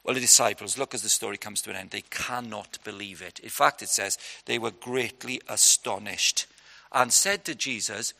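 A man's voice: medium pitch, expressive, normal speed, creaky, pushed and bright. A man preaching a sermon in a conversational, punchy way, putting questions to his listeners. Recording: long hall reverb.

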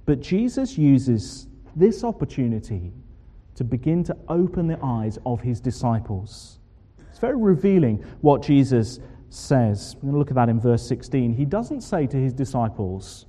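A man preaching a sermon, expressive and full of rhetorical questions. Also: mid-range voice, moderate pace. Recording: long hall reverb.

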